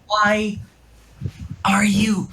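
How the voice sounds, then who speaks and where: A man's voice: high voice, completely flat delivery, very slow, background noise, pitched above the performer's own voice. A man playing a hostile, distrustful young swordsman. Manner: angry, accusing, swears.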